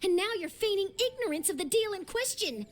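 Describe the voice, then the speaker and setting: Brief: a confident young journalist, prying and playful, bright high voice. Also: female voice, expressive, brisk, slight background noise. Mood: probing. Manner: probing, teasing, confident. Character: pushy inquisitive young woman journalist. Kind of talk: video game voice acting.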